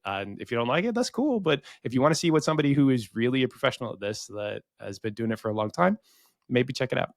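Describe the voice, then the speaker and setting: A man's voice: mid-range voice, animated, fast talker, gravelly, no room sound, clean studio sound. An American man co-hosting a podcast, talking frankly in casual chat, swearing now and then and often restarting his sentences. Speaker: podcast co-host.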